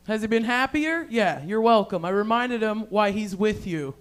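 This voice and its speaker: A woman's voice: mid-range voice, lively intonation, moderate pace, hardly any pauses. Brash woman doing crude stand-up. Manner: brash, crude, loud confessional jokes. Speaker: stand-up comic. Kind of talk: live stand-up set. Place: comedy bar stage.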